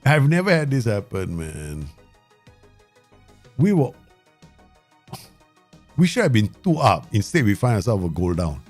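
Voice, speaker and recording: A man hosting his gaming channel, giving live commentary and talking to himself and the viewers in an excitable way. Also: on the low side, unhurried, pauses often, soft background music. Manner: excitable, talks to himself and the viewers, frequent laughs.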